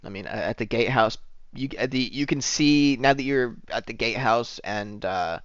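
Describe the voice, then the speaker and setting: A man's voice: mid-range voice, normal speed, dry recording, lo-fi sound. A man narrating as dungeon master in a casual, rambling way with many fillers. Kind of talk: narrating a tabletop game.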